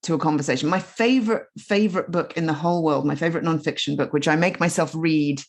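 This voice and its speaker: A woman guest on a podcast, a storytelling coach explaining her ideas in casual, animated conversation. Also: sits low, quick pace. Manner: animated, explaining with many asides.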